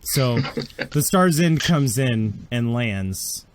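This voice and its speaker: A man narrating as game master of a tabletop role-playing game, lively and often laughing. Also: mid-range voice, extremely slow.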